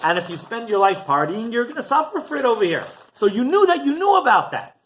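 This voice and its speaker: A man's voice: very high-pitched, big pitch swings, fast, a bit bright, a little hiss or hum, pitched above the performer's own voice, full character voice. A man voicing the judges of a heavenly court, who question and reproach a dead man. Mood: reproachful.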